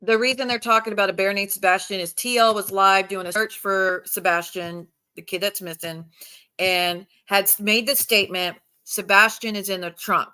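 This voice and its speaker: A woman hosts a casual livestream, her voice bright and forward. She tells the story in a loose, rambling way, blunt and peppered with swearing. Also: mid-range voice, fairly even intonation, normal speed, clear, resonant tone. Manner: rambling, frank storytelling with profanity. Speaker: livestream host. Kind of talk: casual chat.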